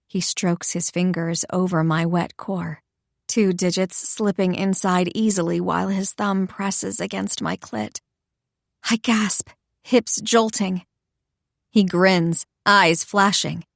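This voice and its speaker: A woman's voice: fairly low pitch, takes it slowly, creaky, no room sound, studio quality. Woman narrating an intimate audiobook. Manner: expressive, intimate storytelling. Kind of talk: first-person romance audiobook narration.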